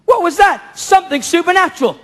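A man preaching a sermon to a church congregation, impassioned, firing off rhetorical questions and breaking into shouts. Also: extremely high pitch, lively intonation, fairly quick. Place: church service before a congregation.

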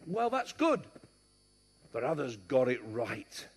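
A man's voice: high voice, wildly swooping pitch, measured pace, a bit bright, breathy edge. A middle-aged man with a West London accent preaching a sermon, emphatic and mixing in joking asides. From born in Scotland, raised partly in London. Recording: long reverb of a large hall.

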